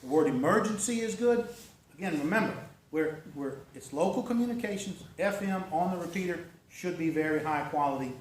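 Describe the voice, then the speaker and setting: A man's voice: fairly high pitch, lively intonation, a little fast, slight background noise. A man giving a folksy, conversational talk at a club meeting, often checking in with "okay?" and "right?". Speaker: club presenter. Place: meeting room. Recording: echoey room recorded from far off.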